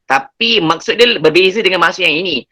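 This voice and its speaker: A man's voice: sits high, fast, pushed and bright, rough recording. A male English teacher with a Malaysian accent, explaining grammar in an online class and often checking that students follow. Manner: explanatory, code-switching, checks understanding.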